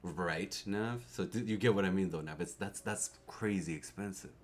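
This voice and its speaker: A young man from Canada chatting casually on a live stream, excitable, laughing often and repeating his words. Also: low-pitched, moderate pace. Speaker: keyboard streamer.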